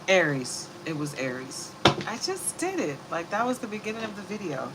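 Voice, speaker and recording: A woman talking loosely through a zodiac reading. Her voice sits on the low side and she rambles and laughs easily. Steady background noise hums behind her. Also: normal speed. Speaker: tarot reader.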